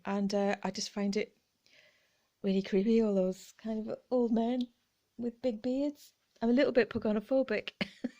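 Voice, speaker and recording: A woman chatting casually as she shows off her thrift finds, often dropping into soft whispers and laughing. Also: on the high side. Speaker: vlogger showing thrift finds. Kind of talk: casual chat.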